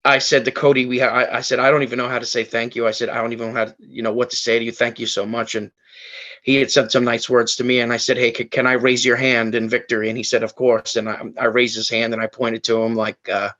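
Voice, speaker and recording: A man's voice: mid-range voice, little pitch movement, fast talker, bright, forceful tone. A man guest on a podcast, telling an emotional story in a rambling way, full of fillers and restarts. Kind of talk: emotional storytelling in casual chat.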